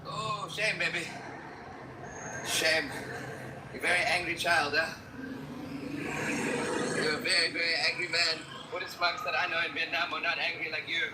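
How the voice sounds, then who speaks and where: A man's voice: fairly high pitch, fairly even intonation, moderate pace, pauses often. Guy calling in and telling the host off, far from the mic, noisy echoey room. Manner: scolding, confrontational. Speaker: caller on a live stream. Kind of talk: heated argument. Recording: roomy, distant call audio with background noise.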